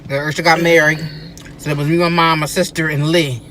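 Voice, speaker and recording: A woman telling family stories to her sister in a casual chat inside a car, animated and acting out what people said. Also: low-pitched, quick pace, a little hiss or hum. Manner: animated, acts out quoted speech. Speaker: guest, host's sister.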